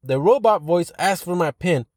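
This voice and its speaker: Man, podcast host, sarcastic profane rants, slightly high voice, dry close sound. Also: lively intonation, normal speed, a little mellow, no room sound. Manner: profane, sarcastic, rambling ranting. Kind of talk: reading and ranting about online posts.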